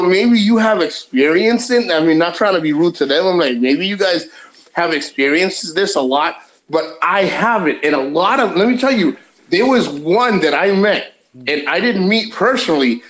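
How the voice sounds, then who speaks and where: A man casually telling a rambling, animated travel story on his vlog, swearing freely. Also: sits high, moderate pace, rough recording. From USA.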